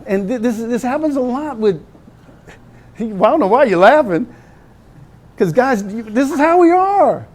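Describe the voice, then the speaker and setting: A man in his fifties, a pastor preaching to young people in an animated, joking, conversational way. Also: extremely high pitch, a little slow, pauses often.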